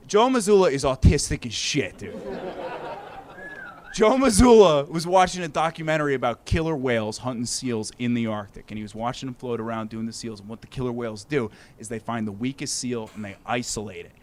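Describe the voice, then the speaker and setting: A man's voice: a little high, slight background noise. A man doing a stand-up comedy set on a club stage, swearing freely and acting out characters in different voices. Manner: animated, swearing, acts out characters.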